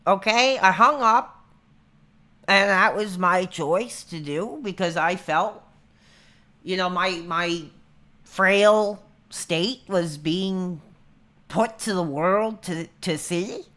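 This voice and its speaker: A man's voice: high-pitched, slow pace, pushed and bright. A man in his thirties chatting casually on a livestream, rambling and laid-back, calling everyone dude. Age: 30s. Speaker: streamer.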